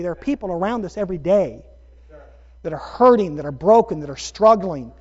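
A middle-aged man, a pastor, telling a story in a sermon with animated, self-deprecating bursts of energy. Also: high voice, normal speed. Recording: dull lo-fi sermon recording.

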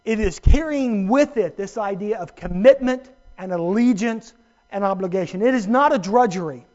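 A man's voice: high-pitched, moderate pace, darkish tone, lo-fi sound. A man preaching a sermon as pastor, emphatic and earnest with humorous asides to his congregation.

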